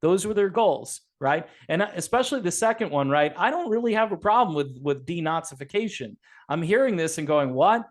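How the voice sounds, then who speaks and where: A man's voice: on the high side, lively intonation, a little fast. A man hosting a podcast, talking casually and animatedly about politics, rambling with frequent fillers. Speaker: podcast host.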